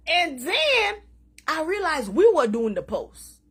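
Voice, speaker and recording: A woman hosting a casual live stream, talking in an animated way, laughing often and mixing in Creole phrases. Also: extremely high pitch. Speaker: social media live host.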